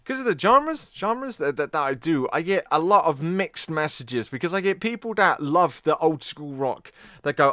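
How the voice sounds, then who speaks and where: A man's voice: a little high, moderate pace, dry recording, studio quality. A man reacting to a song, talking casually, ranting and swearing heavily. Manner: profane, ranting, animated. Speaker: music reaction host.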